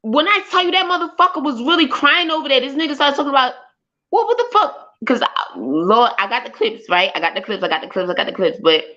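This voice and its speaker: Loud profane woman streamer, bright edge. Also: high-pitched, quick pace, few pauses. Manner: animated and profane, loud exclamations, laughs. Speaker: livestream host. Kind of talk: casual streamer chat. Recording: dull lo-fi stream audio.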